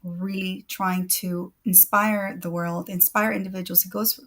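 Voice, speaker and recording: A woman's voice: medium pitch, flat delivery, measured pace, fairly bright tone. A woman talking earnestly as a guest in a casual livestream interview over a video call. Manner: earnest, laughs easily.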